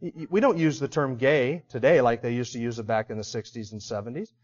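A middle-aged male pastor preaching a sermon with emphatic delivery, swinging from loud to quiet. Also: medium pitch, steady tone, quick pace, lo-fi sound.

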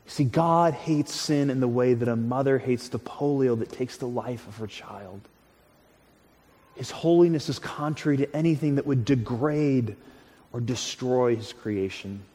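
Male pastor, mid-pitched, earnest and conversational sermon delivery, long hall echo. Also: a little slow, dark tone. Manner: earnest, conversational, with frequent restarts and repeated words.

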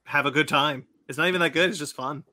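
A man hosting a podcast in a relaxed way, leading the segments. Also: on the high side, quick pace. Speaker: podcast host. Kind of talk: casual chat.

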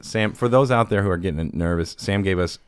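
A man's voice: low voice, fairly quick, clear, resonant tone, no room sound, clean studio sound. A young man hosting a podcast, chatting casually and telling jokes with lots of laughter. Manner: joking, animated storyteller who laughs often. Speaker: podcast host.

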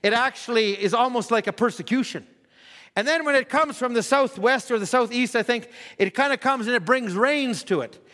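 High-voiced male preacher in a reverberant hall. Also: normal speed. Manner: conversational, repeats words, drops to a low hush for reflections. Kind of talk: sermon.

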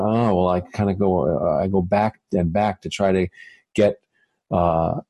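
A man, a guest author, talking reflectively in a halting way with many fillers and restarts. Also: fairly low pitch, warm tone, no room sound, poor audio. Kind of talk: reflective conversational talk.

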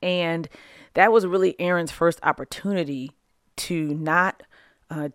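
A woman hosting a devotional podcast, teaching from scripture in a casual, animated way, often laughing and acting out little quotes. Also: fairly low pitch, a little slow, clean tone, dry recording, clean studio sound. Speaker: podcast host and Bible teacher.

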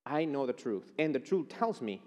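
A man's voice: medium pitch, sing-song, moderate pace, darkish tone, in a large hall. A man preaching a chapel sermon, emphatic and declaring. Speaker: chapel speaker.

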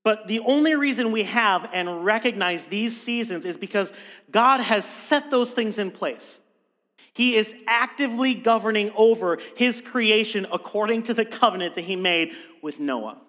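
A man preaching a sermon as pastor, emphatic, asking rhetorical questions and slowing down to stress words. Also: high voice, pushed and bright, big-room sound.

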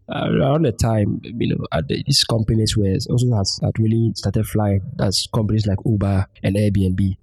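A man from Ghana, a startup founder, answering interview questions in a relaxed way, thinking aloud with fillers. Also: on the low side, breathy edge, no room sound.

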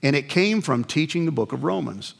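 A middle-aged male pastor preaching a sermon in a conversational, confessional way, dropping into quiet asides. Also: fairly high pitch, lively intonation, brisk, vocal fry.

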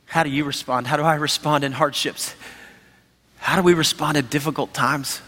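A man preaching a sermon as pastor, animated and conversational, acting out the voices he quotes. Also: a little high, moderate pace. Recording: reverberant hall.

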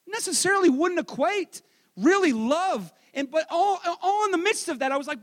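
A man preaching a sermon in a strikingly high voice that leaps up and down with animation. He preaches loudly and energetically, then drops into quiet, joking asides about himself. His delivery keeps swinging between near-shouting and soft, confiding remarks. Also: normal speed, big-room sound. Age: adult, married. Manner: energetic, loud preaching with self-deprecating asides. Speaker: pastor.

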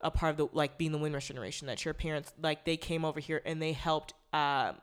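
A young woman hosts a podcast in a casual, rambling commentary monologue, often correcting herself and speaking bluntly and irreverently. Her voice is low, steady, fast, and smooth.

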